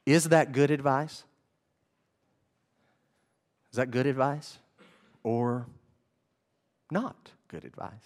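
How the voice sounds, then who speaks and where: A male pastor preaching a sermon, animated and often asking the congregation questions. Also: mid-range voice, slow, pauses often.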